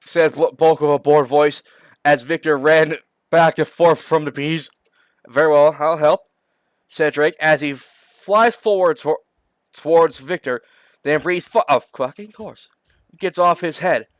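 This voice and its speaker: Brief: high-voiced young man, dry close sound, reads aloud and keeps swearing in disbelief. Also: unhurried, no room sound. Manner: incredulous, swearing constantly. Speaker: reader reacting to a comedy book. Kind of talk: reading aloud with comic commentary.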